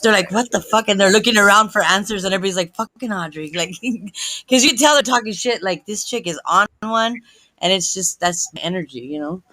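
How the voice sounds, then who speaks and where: A woman's voice: medium pitch, brisk, dry recording, low-quality recording. A woman in her thirties, a guest on a casual livestream chat, talking a lot and laughing often, calling in on a phone on speaker. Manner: talkative, laughing often, animated storytelling.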